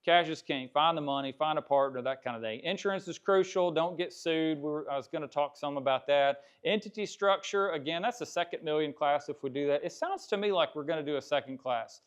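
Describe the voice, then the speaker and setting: A man's voice: a little high, brisk, few pauses, clean tone. A man teaching a real estate investing class in a live seminar, talking candidly and conversationally and often repeating himself. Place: classroom with cameras. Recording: dull lo-fi sound.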